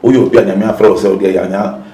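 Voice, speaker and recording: Ghanaian man speaking in a low voice. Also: level tone, fast, mellow, echoey room. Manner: mixes English with Twi. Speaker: pastor and guest. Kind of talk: interview.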